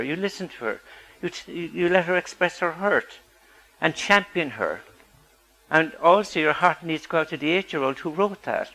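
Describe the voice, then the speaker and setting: A man's voice: fairly high pitch, lively intonation, moderate pace, sharp tone, rough recording. A man giving a public talk as a psychologist, earnest and asking the audience rhetorical questions.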